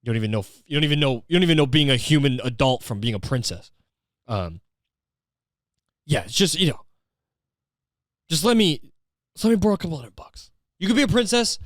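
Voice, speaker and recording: A man's voice: on the high side, big pitch swings, brisk, long pauses, no room sound, studio quality. A man doing a wheedling broke gambler husband. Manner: wheedling, rambling, switches to insults. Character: sleazy broke gambling husband, male adult, pleading.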